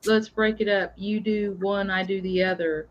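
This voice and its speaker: A woman's voice: medium pitch, fairly even intonation, moderate pace, highs cut off, a loud crowd. A woman who is a guest tarot reader on a live stream, easygoing and laughing at herself as she tells stories. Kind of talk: casual live-stream chat.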